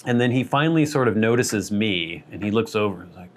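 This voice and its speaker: Wry, rambling man with a lowish voice. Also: expressive, fast. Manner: rambling, wry, self-deprecating. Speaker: vlog host. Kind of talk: casual storytelling.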